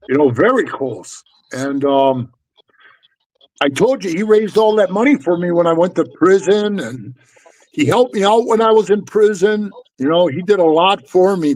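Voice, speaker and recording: A man's voice: high voice, animated, a little slow, darkish tone, no room sound, rough recording. A middle-aged man, a former biker, telling stories in casual, blunt, profane chat and calling his listener "bro". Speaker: former motorcycle club member telling stories.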